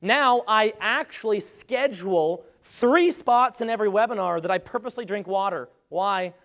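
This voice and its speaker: High-voiced man giving an upbeat live talk. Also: normal speed. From grew up on a farm. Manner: energetic, joking, self-deprecating. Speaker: speaker on webinar marketing.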